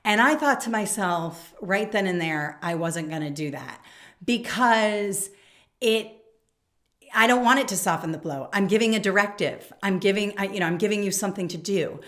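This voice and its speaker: A woman's voice: medium pitch, lively intonation, normal speed, fairly bright tone. A woman in her forties coaching teachers on email habits, talking straight to camera in a direct, emphatic way and reading sample emails aloud. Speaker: education coach. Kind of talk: instructional talk to camera.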